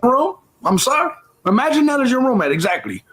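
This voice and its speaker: A man's voice: extremely high pitch, lively intonation, fairly quick, a bit bright, a little hiss or hum, low-quality recording. A man hosting a livestream, talking bluntly and profanely and thanking viewers for donations in casual commentary. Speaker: livestream host.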